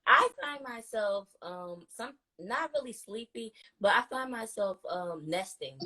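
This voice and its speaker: A woman's voice: medium pitch, animated, measured pace, sharp tone, rough recording. A woman co-hosting a casual chat, talking in a laid-back, drawling way. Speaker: podcast co-host.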